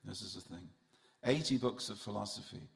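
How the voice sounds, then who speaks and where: Man, low voice, gravelly, festival sermon, joking storyteller, talks to the crowd. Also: fairly quick. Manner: humorous storytelling, addresses the audience directly. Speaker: speaker at a temple festival. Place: temple hall with audience.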